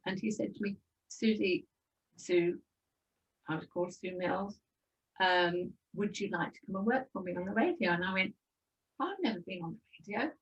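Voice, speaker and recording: An older woman from Birmingham, England, with the local accent, tells her life story as an interview guest, chatty and lively and often repeating words as she goes. Her voice is on the low side, and the audio is dull and recorded from a distance.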